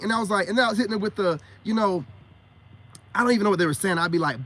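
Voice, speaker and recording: A man's voice: high-pitched, fast, fairly bright tone. A middle-aged man ranting to his viewers on a livestream in an emphatic, slangy way, repeating words in bursts. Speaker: self-styled spiritual coach.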